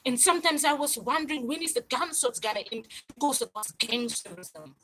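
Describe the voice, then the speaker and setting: A woman's voice: fairly high pitch, a little fast, sharp tone, low-quality recording. A woman, hosting a livestream and talking in a rambling, repetitive, insistent monologue. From South Africa. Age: 40s. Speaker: channel host.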